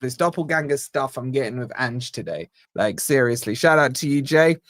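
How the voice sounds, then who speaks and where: An upbeat man hosting a live stream, chatting casually and reading out super chats with shout-outs. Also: mid-range voice, lively intonation, moderate pace, no room sound, studio quality.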